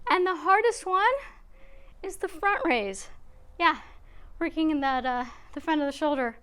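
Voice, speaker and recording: A woman's voice: sits high, animated, moderate pace, long pauses, a bit bright. A woman fitness instructor guiding a beginner workout, counting reps aloud and a little out of breath. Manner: encouraging, counts reps aloud while exercising.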